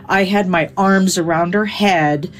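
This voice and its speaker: A woman's voice: fairly low pitch, a little slow. A middle-aged woman telling a vivid, emotional personal story in an interview.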